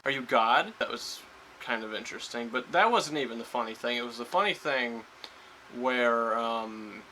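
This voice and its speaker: A man's voice: mid-range voice, normal speed, pushed and bright, a little hiss or hum, poor audio. A man giving a casual spoiler review of a film, rambling with lots of fillers and restarts. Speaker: movie reviewer.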